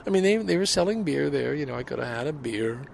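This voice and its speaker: A man's voice: mid-range voice, animated, quick pace, creaky, a little mellow. An older man from Canada rambling to his listeners in a casual outdoor audio vlog, stopping and restarting his thoughts as he goes. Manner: rambling, self-interrupting, talks to listeners. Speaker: vlogger and podcaster. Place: outdoors in a city, at a station and on a bench. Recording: city street and vehicle noise.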